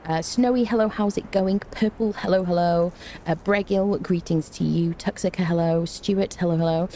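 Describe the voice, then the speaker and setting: A woman's voice: mid-range voice, moderate pace, dark tone, slight background noise. A woman chatting casually on a gaming live stream, greeting viewers by name and making dry, self-mocking jokes. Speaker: game streamer.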